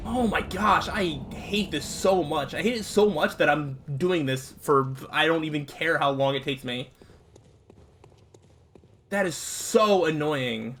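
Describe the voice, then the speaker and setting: A young man giving casual let's-play commentary, frustrated and swearing at the game, with outbursts and low muttering. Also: unhurried, fairly bright tone. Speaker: gaming streamer.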